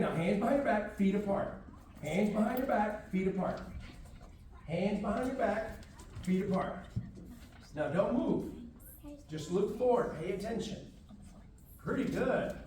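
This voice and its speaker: Firm, high-voiced martial arts instructor. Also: male voice, darkish tone, a little hiss or hum. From Houston, Texas. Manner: firm, commanding, drill-like. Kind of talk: teaching a class to kids and parents. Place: library room, echoey. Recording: echoey room, from far off.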